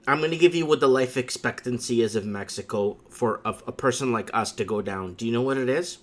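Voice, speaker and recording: A livestream host with a medium-pitched voice talks a little fast as he chats casually with a caller. He tells stories in a rambling, emphatic way, full of asides.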